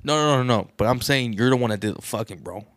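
A man's voice: mid-range voice, fast, no room sound. A man co-hosting a podcast in crude casual banter, full of slang and profanity, acting out little scenes as he talks. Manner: profane, slangy, tells acted-out scenarios. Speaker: podcast co-host.

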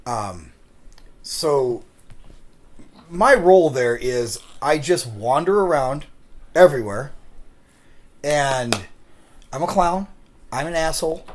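A man co-hosting a casual podcast, rambling through stories, laughing often and swearing casually. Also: medium pitch. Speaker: podcast co-host. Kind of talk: casual chat.

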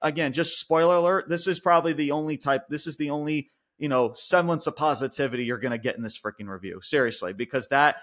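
A man co-hosting a wrestling podcast, ranting and swearing in casual chat, going from loud outbursts to quiet mutters. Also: a little high, fast talker, few pauses. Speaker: podcast co-host.

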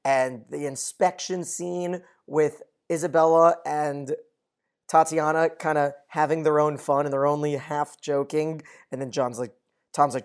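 A podcast co-host retelling TV scenes in relaxed, chatty talk, laughing easily along the way. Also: mid-range voice, measured pace, clear, resonant tone. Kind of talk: casual TV recap chat.

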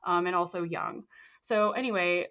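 A young woman, a guest on a talk show, telling her story in a casual, animated way and acting out the voices of people she quotes. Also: on the low side, moderate pace, crowd noise. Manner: animated, acts out quoted voices, laughs often. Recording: slightly dull lo-fi sound.

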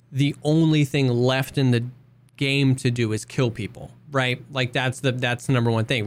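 Man, co-host, casual gaming chat, agreeable, thinks aloud, middle pitch. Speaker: podcast co-host.

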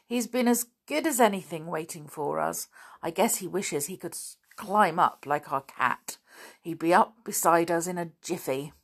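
A woman's voice: fairly low pitch, moderate pace. A woman reading the part of a helpful, chatty schoolgirl with homely ideas. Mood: kind.

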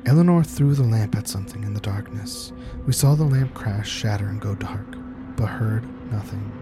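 A man reading a scripted horror story aloud in a measured, tense storytelling manner. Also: fairly low pitch. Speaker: narrator. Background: music.

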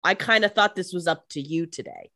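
Joking woman with a low voice. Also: animated, bright, forceful tone, no echo, studio quality. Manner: joking asides, quick quips. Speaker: podcast co-host. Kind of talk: casual chat.

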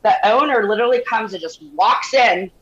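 A young woman telling a story casually on a talk show, animated, laughing often and swearing freely. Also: on the high side, fairly quick, dull audio.

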